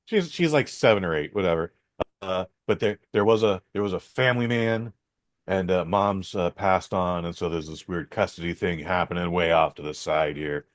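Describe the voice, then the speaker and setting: A man's voice: low-pitched, normal speed, dry recording. A man hosting a podcast, rambling through a casual film review with many fillers, restarts and some swearing.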